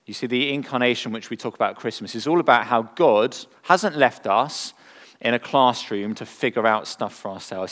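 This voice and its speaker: Earnest preacher in a reverberant hall. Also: male voice, mid-range voice, normal speed. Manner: earnest, rhetorical questions, swings from emphatic to hushed. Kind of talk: sermon.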